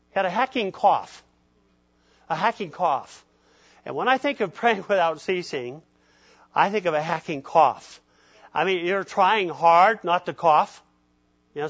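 A man's voice: fairly high pitch, a bit bright. A male pastor giving a conversational sermon in a folksy way, often checking in with his listeners. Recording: dull lo-fi recording.

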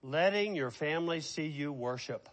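Male pastor, sermon delivery, slightly high voice, slow stressed phrases with hushed fast asides. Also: lively intonation. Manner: preaching with slow drawn-out emphasis and sudden quiet asides.

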